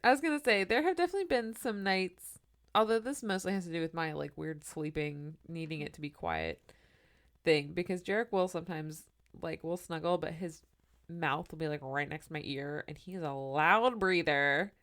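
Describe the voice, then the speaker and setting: Laid-back woman co-host, quick to laugh. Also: sits low, lively intonation, fairly bright tone. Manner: frequent short backchannels and laughs, exasperated rants. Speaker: podcast co-host. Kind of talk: casual chat.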